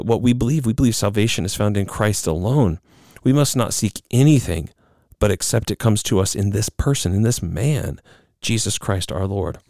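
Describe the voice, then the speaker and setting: A male pastor preaching a sermon in a lowish voice, alternating between reading passages aloud and explaining them earnestly. He often restarts his sentences as he speaks off the cuff. The sound is close and dry, with no room echo. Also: darkish tone.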